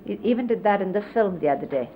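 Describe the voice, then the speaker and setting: A woman's voice: mid-range voice, animated, fast talker. A middle-aged woman reminiscing in a casual storytelling way and explaining hand gestures, with frequent fillers, heard on dull 1970s videotape audio with faint hiss. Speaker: disciple recalling a spiritual teacher.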